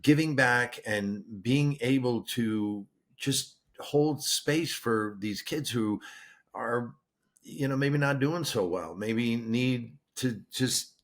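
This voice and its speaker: A man's voice: mid-range voice, takes it slowly. Middle-aged man musing on a podcast. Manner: conversational, repeats words, rhetorical questions. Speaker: podcast co-host. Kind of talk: casual chat.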